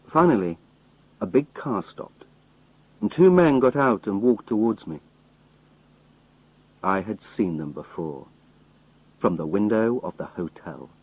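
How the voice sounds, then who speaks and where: A man narrating a simplified novel in a plain, measured storytelling manner. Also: lowish voice, animated, slightly rough, low-quality recording. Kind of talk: reading a simplified novel aloud.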